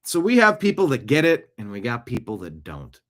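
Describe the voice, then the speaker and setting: A man's voice: medium pitch, wildly swooping pitch, brisk, fairly bright tone. Sarcastic man hosting a political talk show. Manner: sarcastic, rambling, jokey. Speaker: show host. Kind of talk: political commentary monologue.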